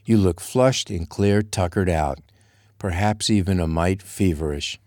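A man voicing a gruff, blunt frontier man who talks in a plain-spoken drawl. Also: low voice, measured pace, darkish tone, no room sound, clean studio sound.

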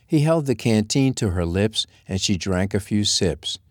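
A man reading a romance novel aloud as narrator, in a steady, measured way. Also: on the low side, no echo, studio quality. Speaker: audiobook narrator. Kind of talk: scripted narration.

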